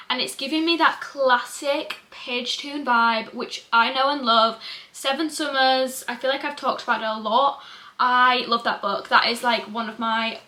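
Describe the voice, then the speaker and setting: A woman's voice: fairly high pitch, bright, forceful tone. A young woman, chatting casually and enthusiastically about books in a reading vlog. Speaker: book vlogger. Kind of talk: casual chat. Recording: echoey room.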